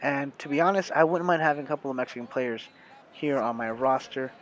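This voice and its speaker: Young American male gamer, mid-pitched, chatty play-by-play with frequent fillers, faint hiss behind. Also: a little fast, low-quality recording. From United States. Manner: chatty, addresses viewers as guys, many fillers and self-corrections. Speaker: gaming YouTuber. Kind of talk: casual gameplay commentary.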